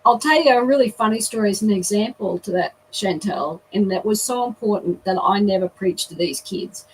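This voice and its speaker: A woman, a guest telling a lively story in an interview. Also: mid-range voice, brisk, recorded from a distance, slight background noise, low-quality recording.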